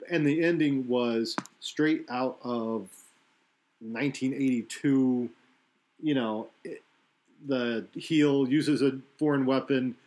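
Casual talk-show man, middling pitch, loose and rambling, lots of restarts. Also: takes it slowly, a little mellow. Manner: rambling, self-correcting analysis. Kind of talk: casual wrestling chat.

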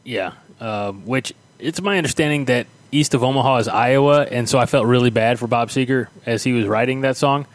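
A man hosting a podcast from home, chatting casually and rambling with many pauses and fillers. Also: mid-range voice. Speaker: podcast host. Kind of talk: casual chat.

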